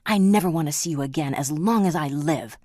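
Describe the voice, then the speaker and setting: A woman's voice: low voice, fairly quick, a little mellow, no room sound, studio quality. A woman voicing a pious older shopkeeper father who stutters and then screams in rage. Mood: raging.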